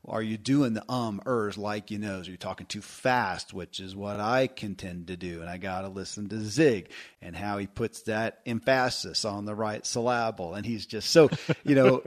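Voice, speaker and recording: A man hosting a podcast, telling stories in a casual, animated way with self-deprecating laughter. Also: medium pitch. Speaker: podcast host.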